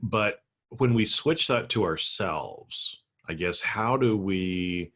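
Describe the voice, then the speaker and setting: Podcast host guy, low voice but bright and forceful, rambly, laughs a lot. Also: animated, slow, slightly rough. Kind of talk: casual chat.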